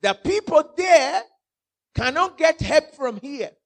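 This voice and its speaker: A man voicing Lazarus, a poor beggar in heaven, answering in drawn-out, shouted declamation. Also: extremely high pitch, big pitch swings, vocal fry, pitched above the performer's own voice, heavily acted. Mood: sorrowful, firm.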